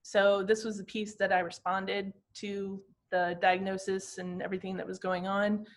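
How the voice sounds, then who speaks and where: A woman in her fifties, a glass artist, talking through slides of her own work in a reflective, halting, personal way. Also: medium pitch, level tone. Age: 50s.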